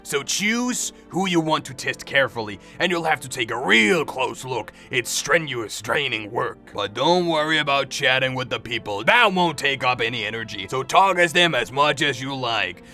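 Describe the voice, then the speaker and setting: A man's voice: medium pitch, expressive, normal speed, few pauses, pushed and bright, soft background music, pitched below the performer's own voice. A man voicing a friendly, laid-back male neighbor in a game, giving folksy advice. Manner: matter-of-fact, folksy advice. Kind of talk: game dialogue read aloud.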